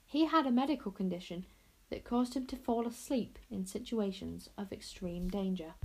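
A woman narrating a children's storybook aloud in an expressive, clearly paced reading voice. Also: mid-range voice. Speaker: audiobook reader.

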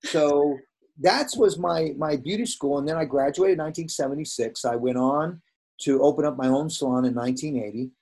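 Husky-voiced older man telling stories. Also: on the high side, brisk. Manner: animated, acts out quoted dialogue. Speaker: guest, veteran hairdresser. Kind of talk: casual storytelling in conversation.

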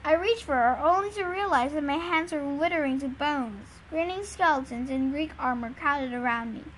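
A woman reads a novel aloud in an earnest, plain manner. Her voice sits high. A faint hiss of noise runs under the recording. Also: moderate pace, fairly bright tone. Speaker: reader.

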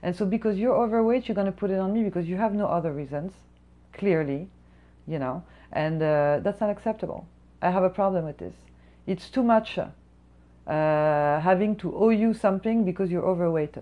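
A woman's voice: medium pitch, lo-fi sound. A woman who works as a restaurant server, telling a casual storytime rant in a heated, profane way. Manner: profane, heated, fast-talking.

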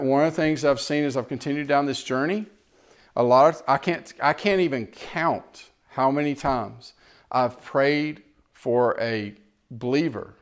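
A man preaching a sermon, swinging between loud exhortation and quiet storytelling. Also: medium pitch. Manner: animated, rising to loud exhortation and dropping to quiet, tender storytelling.

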